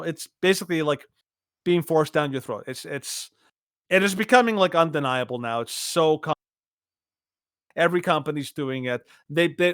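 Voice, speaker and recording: A man co-hosting a podcast in casual opinion chat, halting with many fillers and restarts, getting animated when he mocks something. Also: fairly high pitch, no room sound, studio quality. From Latino heritage. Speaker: podcast co-host.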